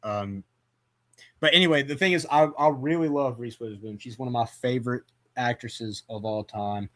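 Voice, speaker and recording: A man's voice: medium pitch, normal speed. A man hosting a casual movie chat, rambling with lots of fillers and restarts. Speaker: podcast host.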